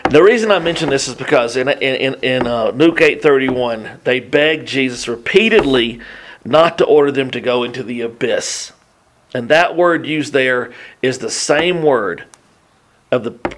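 A man preaching a Bible teaching in an animated, conversational way, often restarting his sentences and adding asides. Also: medium pitch, background noise. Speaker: pastor.

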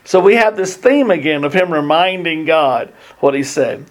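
A man's voice: fairly high pitch, animated, moderate pace. A middle-aged man teaching a casual sermon, reading scripture and adding joking, chatty asides. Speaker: Bible teacher.

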